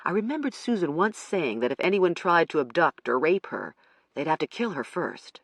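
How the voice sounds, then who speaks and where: An audiobook narrator reading a first-person crime thriller in a measured storytelling manner. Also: medium pitch, big pitch swings, no echo.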